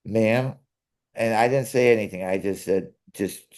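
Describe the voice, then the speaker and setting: A young man co-hosting a casual chat, earnest and halting, often restarting his sentences. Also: on the low side, darkish tone. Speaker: co-host.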